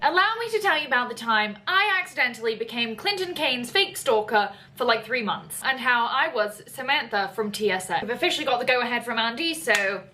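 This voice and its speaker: A young woman casually telling a personal story, animated and jumping higher when she quotes people. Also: fairly quick, few pauses, faint music behind. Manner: animated, jumps up in pitch when quoting people. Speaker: podcast storyteller.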